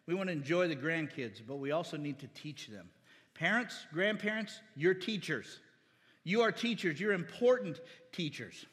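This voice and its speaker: A middle-aged pastor's high, bright voice rings through a reverberant church hall as he delivers a fervent sermon. He calls out for amens and weaves scripture into his exhortation, with lively intonation at a moderate pace.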